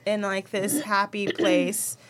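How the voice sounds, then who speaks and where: A woman's voice: medium pitch, flat delivery, slow, slight background noise. Candid young woman in casual chat. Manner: candid, rambling, emotional about her kids. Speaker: podcast co-host.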